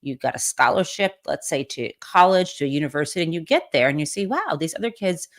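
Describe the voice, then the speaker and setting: Woman host, live talk show commentary, snarky and profane, low voice with animated swings. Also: fairly quick.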